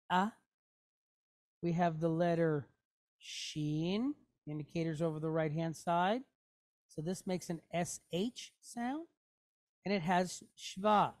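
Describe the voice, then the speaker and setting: A woman's voice: on the low side, steady tone, slow pace, pauses often, a little mellow, no room sound. A woman teaching a Hebrew reading lesson, going step by step and checking in often with her students. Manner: patient, step-by-step, checking in with "okay? right?". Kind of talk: classroom lesson.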